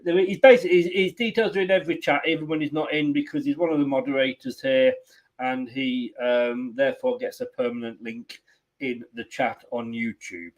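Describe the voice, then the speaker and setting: A man's voice: medium pitch, steady tone, a little fast. A man hosting a football watchalong stream, chatting casually, teasing and laughing often. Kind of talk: casual chat.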